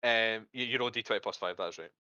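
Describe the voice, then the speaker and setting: A man's voice: fairly low pitch, quick pace, pushed and bright, dry recording, lo-fi sound. A man narrating as game master of a tabletop game, rambling with hesitations and casual swearing.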